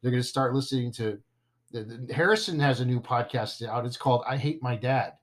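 A man's voice: mid-range voice, a little fast. A man hosting a casual podcast, joking and stumbling over his words now and then. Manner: playful, self-deprecating, stumbles over words. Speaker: podcast host.

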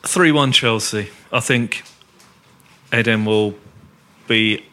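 Man, casual chat, bright sharp voice, dry quips. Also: lowish voice, slow. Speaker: podcast co-host.

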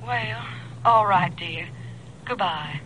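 An actress playing a worried, loving young wife calling her husband in a vintage radio drama, gentle and questioning. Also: medium pitch, takes it slowly, slight background noise, rough recording. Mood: concerned.

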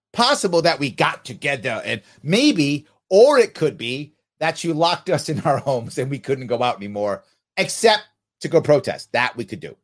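A man hosting a podcast, delivering mocking, sarcastic political commentary. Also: mid-range voice. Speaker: podcast host.

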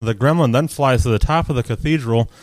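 A man co-hosting a podcast, casually recapping a film's plot with deadpan jokes. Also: mid-range voice, fairly quick, no room sound. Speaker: podcast co-host. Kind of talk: casual movie recap chat.

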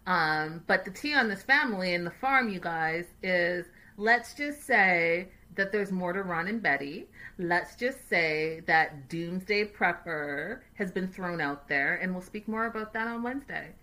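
A woman hosting a casual livestream recap, chatty, animated and sassy. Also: fairly low pitch, unhurried, few pauses. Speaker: host.

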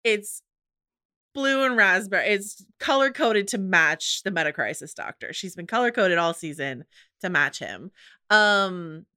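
A woman co-hosting a podcast in casual chat, animated and emotional, swearing freely. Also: medium pitch, unhurried, no room sound, clean studio sound. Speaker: podcast co-host.

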